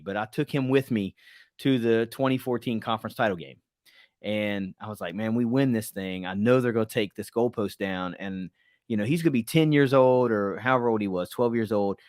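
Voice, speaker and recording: Middle-aged host, relaxed rambling interviewer, dry close sound. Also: male voice, fairly low pitch, moderate pace, no room sound. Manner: friendly, rambling questions, laughs easily. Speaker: podcast host. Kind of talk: casual podcast interview.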